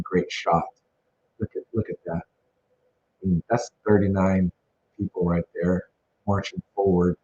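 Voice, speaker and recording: A man's voice: on the low side, darkish tone. A man casually narrating photos from an event he organized, enthusiastic and rambling, with many fillers. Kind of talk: casual photo slideshow commentary. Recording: dull lo-fi sound with faint noise.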